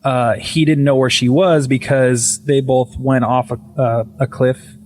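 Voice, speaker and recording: A man's voice: mid-range voice, level tone, a little slow, darkish tone. A man telling a story as a podcast guest, casual and full of swearing, often restarting his sentences. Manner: profane, rambling with many restarts.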